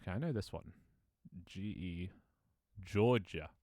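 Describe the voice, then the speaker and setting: A man's voice: low voice, unhurried, warm tone, no room sound, studio quality. A man with an English accent, chatting casually as a streamer, rambling and jokey and swearing freely. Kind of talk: casual live-stream chat.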